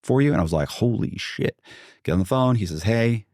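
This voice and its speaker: A man with a deep, low voice tells a long story as a podcast guest. He talks animatedly, slipping into the voices of the people he quotes, full of "like" and restarts. The sound is dry and close, with no room around it. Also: animated, rapid-fire, a little mellow, dry recording.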